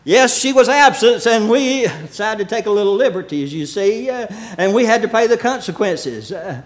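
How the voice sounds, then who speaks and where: Role: preacher. Sex: man. Style: sermon. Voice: high-pitched, reading scripture slowly, folksy asides, clears throat, chuckles. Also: lively intonation. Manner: reads scripture aloud slowly, then explains it in plain folksy talk.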